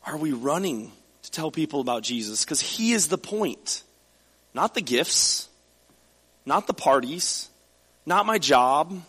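A man's voice: fairly high pitch, animated, measured pace, pauses often, a bit bright, breathy edge, big-room sound. A male pastor preaching a sermon, reading scripture aloud and then explaining it in a conversational way.

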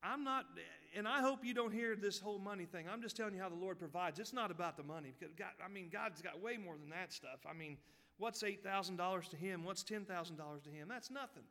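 High, bright-voiced preacher in a hall. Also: male voice, fast. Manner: folksy, swings from quiet asides to loud fervent peaks. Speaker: pastor. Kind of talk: sermon storytelling.

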